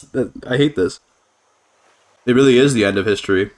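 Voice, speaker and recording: A young man from Canada giving rambling, excitable commentary on a strategy game he is playing. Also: lowish voice, moderate pace, long pauses. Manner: rambling, excitable, swears and laughs often. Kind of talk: casual gameplay commentary.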